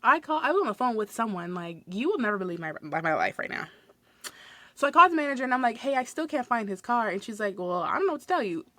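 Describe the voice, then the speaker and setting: A young woman hosting a podcast, telling a work story in a casual, animated way, full of fillers and acted-out quotes. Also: a little high, fast, no echo. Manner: animated, swears, many "like" fillers, acts out quotes. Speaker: podcast host.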